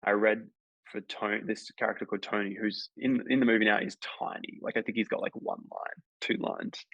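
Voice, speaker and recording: A man's voice: steady tone, brisk, a bit bright, dry recording. A man, an actor telling a long, rambling anecdote full of fillers in a casual interview. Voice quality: gravelly low voice. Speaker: actor guest. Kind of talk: casual storytelling in a podcast chat. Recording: dull, dry lo-fi sound.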